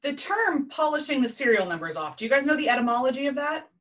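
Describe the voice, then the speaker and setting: A woman's voice: sits high, big pitch swings, quick pace, fairly bright tone. A woman hosting a casual interview podcast, asking curious, probing questions. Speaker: podcast host.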